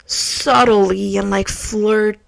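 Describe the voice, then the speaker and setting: A young woman, hosting her own podcast and telling a story in casual chat, swinging from loud outbursts to hushed asides. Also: mid-range voice, steady tone, very slow, creaky. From Quebec, Canada. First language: French. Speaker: podcast host.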